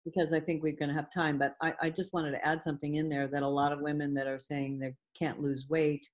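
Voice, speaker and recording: A woman hosting a casual group chat, brisk as she steers the talk and hands it on. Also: sits low, level tone. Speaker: host.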